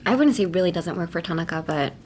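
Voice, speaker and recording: A woman's voice: on the low side, expressive, a little mellow, slight background noise. Chatty young woman teaching English. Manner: chatty, laughs often, models phrases slowly. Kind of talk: casual podcast English lesson.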